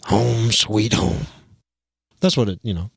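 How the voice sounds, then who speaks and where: Guy putting on a deep slow wistful rock singer voice, drags every word out. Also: steady tone, creaky, breathy edge, no echo, clean studio sound, full character voice. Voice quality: low, slow and drawn out. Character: gravelly older rock singer, wistful man.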